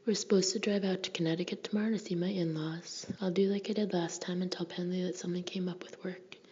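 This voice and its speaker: Woman whispering as a hushed, evasive married man. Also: high-pitched, level tone, highs cut off, natural voice. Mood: placating. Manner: hurried, placating. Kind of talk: whispered role-play.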